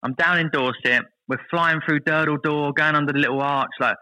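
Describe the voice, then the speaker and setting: A man in his thirties telling lively stories as a podcast guest, acting out what others said. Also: fairly high pitch, brisk, low-quality recording. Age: 30s. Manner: lively anecdotal storytelling, voices others in quotes. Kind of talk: casual podcast chat.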